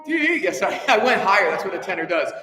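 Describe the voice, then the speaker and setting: Bright, high-voiced choir conductor in echoey hall. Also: male voice, quick pace, over music. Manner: energetic, coaching and counting off, sings pitches. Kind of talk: choir rehearsal instruction. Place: rehearsal hall. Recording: echoey hall with long reverb.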